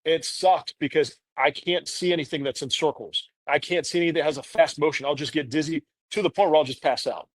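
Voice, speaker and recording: A man's voice: a little high, steady tone, fairly quick, hardly any pauses, dry recording. A man in his thirties, a podcast guest, telling a candid personal story in an earnest, rambling way full of "you know".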